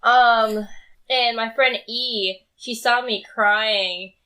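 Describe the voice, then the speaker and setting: A woman's voice: fairly high pitch, steady tone, drawn-out words, bright, forceful tone, clear, resonant tone. A woman guest on a casual podcast, telling a work story with lots of fillers and laughter. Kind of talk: casual chat.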